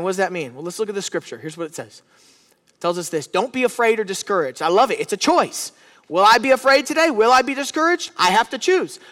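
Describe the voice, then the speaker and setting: Pastor guy preaching, pretty high voice, big echoey church hall, gets fired up and calls out to the crowd. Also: a bit bright. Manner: preaching with rising fervor, calls to the congregation. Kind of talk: sermon.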